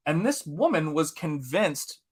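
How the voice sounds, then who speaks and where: A man from Tennessee hosting a live art stream, telling a story in a casual, animated way with frequent laughs and swearing. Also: a little high, a little slow, husky. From Tennessee, USA.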